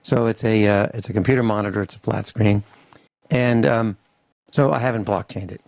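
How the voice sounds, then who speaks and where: A man hosting a radio talk show, ranting in an animated, grumbling way and acting out little mock dialogues. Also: fairly low pitch, moderate pace, creaky, no room sound. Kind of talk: opinionated radio talk and rant. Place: home studio on a farm. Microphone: studio microphone.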